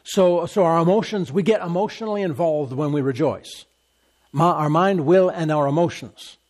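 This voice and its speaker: A man preaching a sermon as pastor, emphatic and repetitive, with deliberate bursts of laughter. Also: fairly high pitch, darkish tone.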